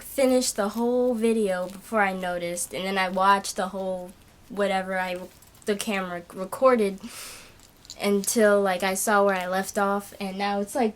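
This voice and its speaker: A young woman ranting casually to camera in a vlog, exasperated and complaining, with many fillers. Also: medium pitch. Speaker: vlogger.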